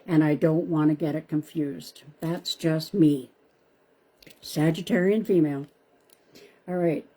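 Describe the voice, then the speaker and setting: Chatty woman with a mellow voice. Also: lowish voice. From Canada. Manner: chatty, addresses viewers by name, repeats phrases. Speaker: psychic medium hosting a live stream. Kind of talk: casual live-stream chat answering viewers.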